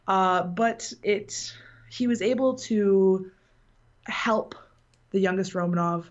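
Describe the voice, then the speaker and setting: A woman's voice: mid-range voice, muffled recording. A woman hosting a casual chat, telling a story in a rambling way and laughing often. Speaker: podcast host.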